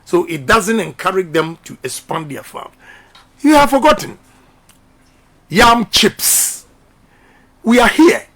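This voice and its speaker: A man's voice: sits high, sing-song, takes it slowly, long pauses, a bit bright. A middle-aged Ghanaian man speaking emphatically in a radio interview, repeating his points like a preacher. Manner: repetitive, emphatic, preaching-style delivery. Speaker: politician.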